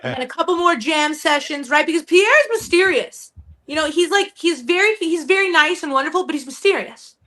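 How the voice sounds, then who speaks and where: On a live podcast, a woman in her twenties who acts and co-writes tells bubbly, profane stories and mimics people's voices. She talks a little fast, her high-pitched voice expressive, bright and forceful.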